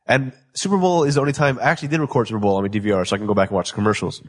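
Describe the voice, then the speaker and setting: A man with a husky, slightly rough voice, talking casually as a podcast co-host. He rambles, starts sentences over, and laughs easily. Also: lowish voice, steady tone, racing. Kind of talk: casual chat.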